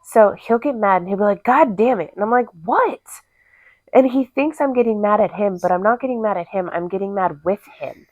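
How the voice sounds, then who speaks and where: A woman's voice: mid-range voice, quick pace, hardly any pauses, a little mellow, dry recording. A woman co-hosting a casual couples podcast, blunt and teasing, acting out quotes as she tells stories. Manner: teasing, blunt, acts out voices in her stories. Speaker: podcast co-host. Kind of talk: casual chat. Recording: tinny phone-like sound.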